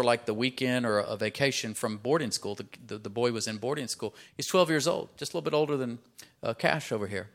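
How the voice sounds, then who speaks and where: Guy preaching a sermon, tells stories, gets loud and emphatic, does little voices for people. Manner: rising to emphatic, loud peaks; acts out quoted characters in a higher voice. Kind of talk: sermon with storytelling.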